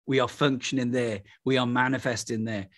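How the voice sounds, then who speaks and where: A man's voice: medium pitch, steady tone, a little fast, a bit bright. A middle-aged man with a Welsh accent preaching a charismatic sermon, exuberant and full of exclamations. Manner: exuberant, breaks into laughter and exclamations.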